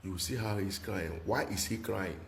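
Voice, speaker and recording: A man's voice: deep voice, normal speed. A man, hosting political commentary in an emphatic, preaching manner, repeating his rhetorical questions. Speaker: commentary channel host. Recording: echoey room with faint noise.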